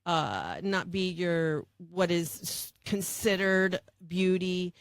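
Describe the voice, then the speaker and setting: A woman hosting a podcast, asking a question in a slow, hesitant way. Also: fairly low pitch, clear, resonant tone, no echo. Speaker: podcast host. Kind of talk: interview questions.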